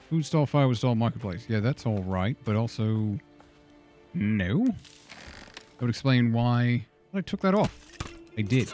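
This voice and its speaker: A man's voice: mid-range voice, darkish tone. A man streaming a game, chatting casually and muttering exasperated questions to himself as he plays. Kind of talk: casual gameplay commentary.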